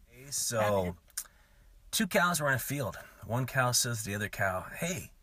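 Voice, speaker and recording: Male joke teller, animated delivery, bright tone, lively intonation. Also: unhurried, no room sound. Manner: animated, jumps into higher voices for punchlines. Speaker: comedian telling jokes. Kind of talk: joke telling.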